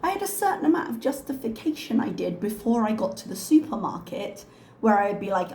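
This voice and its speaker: Soft-spoken sarcastic woman commentator. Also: medium pitch, fairly quick, echoey room, a little hiss or hum. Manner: calm, pointed, sarcastic. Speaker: reaction channel host.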